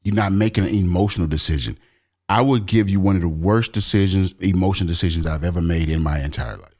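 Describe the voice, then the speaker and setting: A man's voice: sits low, fast, darkish tone. A middle-aged man co-hosting a podcast, talking emphatically and expressively in casual chat. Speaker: podcast co-host.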